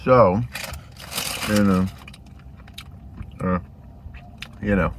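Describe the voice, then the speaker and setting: A man with a fairly low voice talks loosely through an eating vlog. He drifts between thoughts and often restarts his sentences. A faint vehicle hum sits underneath. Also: extremely slow. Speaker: vlogger.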